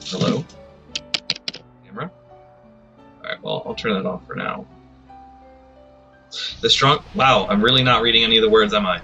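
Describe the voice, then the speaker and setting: A man's voice: lowish voice, moderate pace, long pauses, sharp tone, lo-fi sound, soft background music. A man live-streaming a video game, chatting casually and rambling to himself with self-deprecating remarks.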